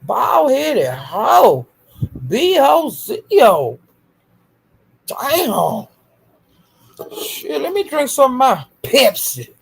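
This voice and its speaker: A woman's voice: high voice, wildly swooping pitch, very slow, vocal fry, pauses often, slightly rough. A woman hosting a live stream, taunting someone with profane, repetitive insults and calling out to her chat viewers by name. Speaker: livestream host.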